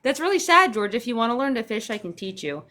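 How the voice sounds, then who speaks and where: A woman's voice: a little high, big pitch swings, fast, pushed and bright. A young woman from Central Texas, chatty and sarcastic, swearing casually as she hosts a phone livestream and answers viewer comments. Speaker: livestream host.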